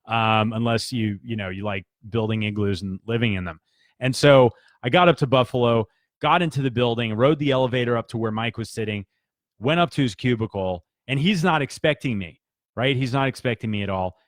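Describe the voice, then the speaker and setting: Man, mid-pitched, earnest storyteller, casual with fillers, dry close sound. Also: no room sound. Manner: earnest, conversational with restarts and fillers. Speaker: business speaker.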